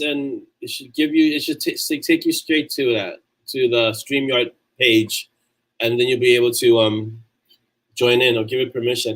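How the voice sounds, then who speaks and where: On a low-quality recording, a New York author hosts a laid-back livestream, his mid-range voice a bit bright. He talks loosely with viewers, reads their comments and keeps restarting his sentences.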